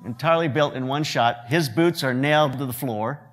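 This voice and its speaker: A man's voice: mid-range voice, brisk. A man giving a lecture to students, telling joking anecdotes about his work as a photographer and acting out what people said. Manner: joking storyteller who acts out quotes. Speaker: guest lecturer, photographer and director.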